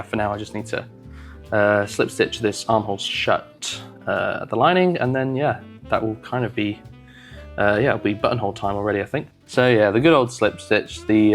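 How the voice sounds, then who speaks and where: A man vlogging about sewing, rambling casually with wry, self-deprecating asides and many fillers. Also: lowish voice. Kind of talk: casual talk to camera while sewing.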